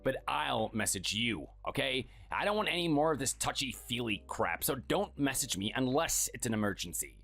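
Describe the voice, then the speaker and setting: A man's voice: very animated, moderate pace, gravelly, hardly any pauses, fairly bright tone, husky, exaggerated voice. A man playing a scornful, bossy husband who belittles his spouse, in a dramatized story. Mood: dismissive. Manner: sneering and dismissive, low and clipped.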